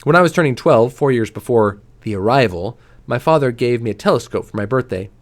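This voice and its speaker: Male reader, mid pitch, very animated delivery, livens up the quotes and sinks to a hush on quiet lines. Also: fairly quick. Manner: expressive, lively voices for quoted lines; drops to a soft, low voice on quiet lines. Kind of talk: reading a novel aloud.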